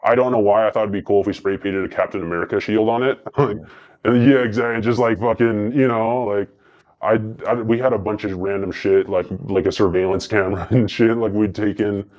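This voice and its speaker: Low-voiced man telling rambling stories. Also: fairly even intonation, a little mellow, dull audio. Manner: rambling, profane, fast anecdotes with many fillers. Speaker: guest. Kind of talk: casual storytelling.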